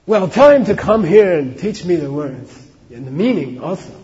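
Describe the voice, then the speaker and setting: A proud, self-assured monk scholar, played by a man telling the tale. His voice sits a little high and carries long hall reverb through a dull, muffled recording. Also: big pitch swings, moderate pace, darkish tone, breathy edge, full character voice. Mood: indignant. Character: proud middle-aged male monk scholar, abbot.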